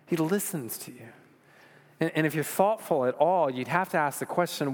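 A man's voice: on the high side, normal speed. A man preaching a sermon, joking and conversational at first, then building to earnest emphasis. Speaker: pastor. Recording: long hall reverb.

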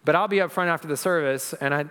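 A man's voice: fairly high pitch, fast talker, a bit bright, smooth, long reverb tail. A man preaching a sermon as pastor, earnest and rising to emphatic peaks. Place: church sanctuary.

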